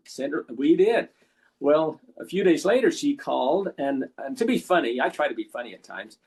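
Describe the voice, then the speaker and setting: An older man with a husky voice telling folksy stories as a podcast guest, acting out the lines of people he talked with. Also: on the high side, expressive, a little fast, darkish tone. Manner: folksy anecdotal storyteller, acts out callers' lines. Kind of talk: storytelling in a podcast interview.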